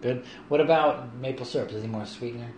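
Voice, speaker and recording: A middle-aged man chatting casually on a home livestream, lively and quick to laugh. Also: mid-range voice. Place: home kitchen. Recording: echoey room, faint hiss.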